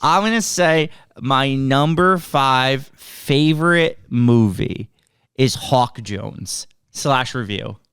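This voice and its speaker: A man's voice: mid-range voice, slow, fairly bright tone, smooth, dry recording, clean studio sound. A man co-hosting a movie review podcast in casual chat, who often repeats words as he gets going. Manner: repeats words as he starts sentences. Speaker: podcast co-host.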